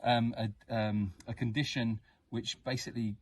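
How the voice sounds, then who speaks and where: A cheery, bumbling mock news reporter, put on by a man, hamming it up for a livestream. His voice is a little husky. His accent slides between Irish, Australian and Scottish. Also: medium pitch, little pitch movement, normal speed, a little mellow, far from the mic, close to an everyday voice. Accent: mixed Irish, Australian and Scottish put-on. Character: jokey male field reporter, muddled accents.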